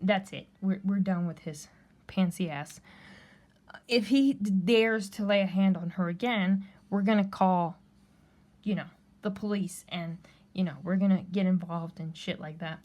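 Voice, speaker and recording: A woman's voice: mid-range voice, a little slow, darkish tone. Blunt, profane woman telling a story. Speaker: vlogger. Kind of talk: personal storytelling rant.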